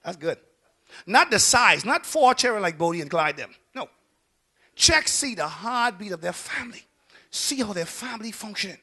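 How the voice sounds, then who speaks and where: A male pastor, preaching a sermon that swings from shouted peaks down to low, quiet lines. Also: very animated, normal speed, breathy edge. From Bahamas.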